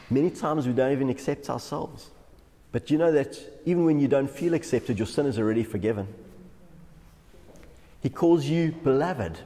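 A man's voice: medium pitch, warm tone. A man, a pastor giving a devotional sermon who often chuckles through his stories. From South Africa. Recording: long hall reverb.

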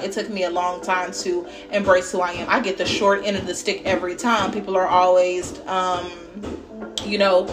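A woman hosting her podcast at home, telling a casual story in a candid, animated way with frequent swearing and bursts of laughter. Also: mid-range voice. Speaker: podcast host.

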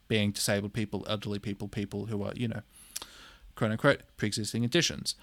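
A man's voice: lowish voice, level tone, brisk, a bit bright, dry recording. A man, hosting a solo opinion podcast, blunt and exasperated, swearing freely and repeating phrases for emphasis. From Australia. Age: 20s. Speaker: podcast host.

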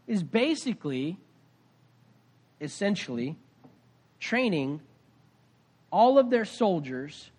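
This pastor's voice is male and high. Preaching in a conversational style, he tells a story that moves back and forth between loud and soft passages.

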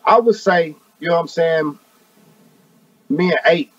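A man in his forties, a rapper being interviewed, talking in a relaxed, casual way and often adding "you know what I mean.". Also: a little high, unhurried, no echo, distant mic. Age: 40s. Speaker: rapper guest. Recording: dry, muffled audio from off-mic.

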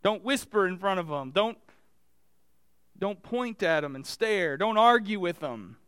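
Male pastor, conversational sermon, smooth voice on the higher side, dry close sound. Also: expressive, measured pace, a bit bright, dry recording. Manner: conversational, asks the congregation direct questions.

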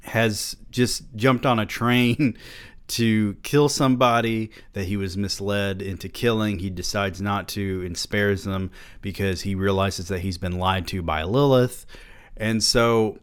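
A man's voice: on the low side, slow pace, smooth. A man who writes novels, giving a blunt, sardonic, casual book review and swearing freely.

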